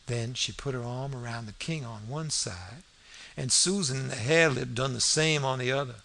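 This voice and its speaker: A man narrating a classic novel as an audiobook in a folksy, steady storytelling manner. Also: medium pitch, moderate pace, creaky, slight background noise. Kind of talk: scripted narration.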